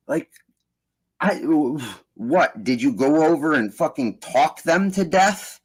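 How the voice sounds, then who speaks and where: A man hosting a casual group voice chat, ranting in a profane, animated way. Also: on the high side, slow, husky. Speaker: host.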